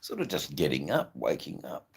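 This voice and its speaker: Australian man, very deep, gravelly, coughing, slow rambling livestream chat. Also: wildly swooping pitch. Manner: slow, rambling, with frequent ums and laughs. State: persistent cough. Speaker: livestream host. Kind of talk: casual livestream chat reading comments.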